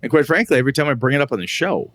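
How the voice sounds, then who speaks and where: A middle-aged man co-hosting a podcast, chatting casually in an animated way and swearing freely as he tells stories. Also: medium pitch, racing, no echo. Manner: animated, profane, storytelling. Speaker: podcast co-host. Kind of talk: casual chat.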